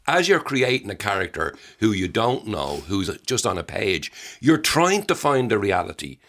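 Gravelly older man, low voice. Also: sing-song, normal speed, fairly bright tone. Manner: enthusiastic, discursive, repeats words when starting. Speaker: playwright. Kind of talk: conversational interview.

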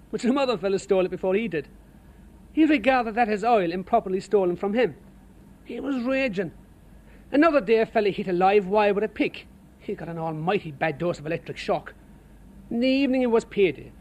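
A man with an Irish accent, a building site labourer, giving a measured, sardonic account of life on the sites. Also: sits high, darkish tone. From Ireland. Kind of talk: storytelling testimony.

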